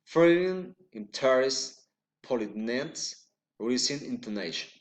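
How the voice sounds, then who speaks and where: A man's voice: medium pitch, lively intonation, a little slow. A man whose first language is Spanish, reading English intonation drills aloud and repeating short phrases to practice rising and falling tones. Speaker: English learner.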